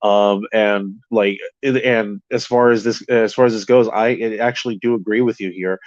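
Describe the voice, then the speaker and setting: A man co-hosting a casual review chat, rambling and excitable, often restarting his sentences and swearing. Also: fairly low pitch, moderate pace, lo-fi sound. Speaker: podcast co-host.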